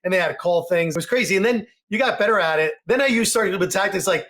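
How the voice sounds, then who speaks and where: Man, high voice, fast casual host, storyteller. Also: a bit bright. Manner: rambling storyteller, acts out phone calls. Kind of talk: casual chat.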